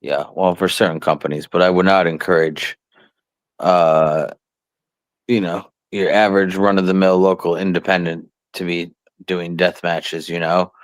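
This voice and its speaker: Deep-voiced man, halting podcast talk. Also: no echo. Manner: relaxed, halting, many fillers and restarts. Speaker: wrestling promoter, show regular. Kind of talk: casual podcast chat.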